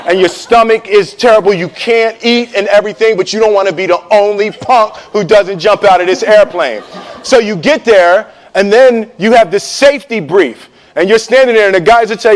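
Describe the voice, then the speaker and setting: A man with a fairly high speaking voice tells a funny anecdote to a live audience. He is animated, slips into quick impressions of the people in his story, and laughs along as he talks. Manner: animated, acts out voices, laughs while telling. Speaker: storyteller on stage.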